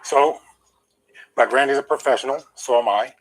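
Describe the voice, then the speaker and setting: An older man with a mid-range voice, appearing as an interview guest, tells a long personal story at normal speed. He sounds emphatic and aggrieved while holding back emotion, and the recording is rough.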